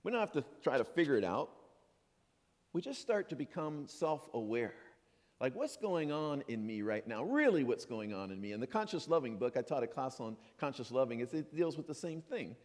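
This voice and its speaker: A man giving a sermon as minister, playful and animated, acting out imagined voices. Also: medium pitch, moderate pace. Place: church sanctuary. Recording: long hall reverb.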